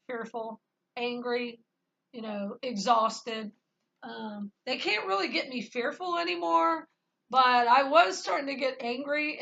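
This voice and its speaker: A woman's voice: a little high, fairly bright tone, low-quality recording. A woman talking to her camera and sharing her spiritual experiences in an earnest, rambling way, with many fillers. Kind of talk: casual spoken testimony.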